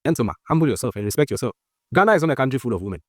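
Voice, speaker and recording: A man rattles off a stern, reproachful lecture at a quick pace. He speaks in a scolding tone throughout. The recording is dry and close to the mic. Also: mid-range voice, very animated, dry recording. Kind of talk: scolding video message.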